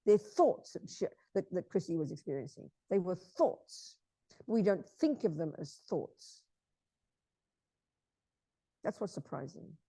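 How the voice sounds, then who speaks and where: A Buddhist nun giving an informal teaching talk, blunt and emphatic in a conversational way. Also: female voice, on the low side, animated, unhurried, creaky, long pauses, mellow, slightly rough, no room sound.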